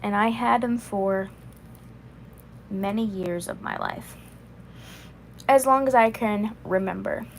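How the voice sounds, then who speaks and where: A woman's voice: mid-range voice, very animated, slow pace, gravelly, pauses often, slight background noise, poor audio. A woman in her twenties chatting casually on a livestream, rambling and repeating herself. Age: 20s. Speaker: vlogger.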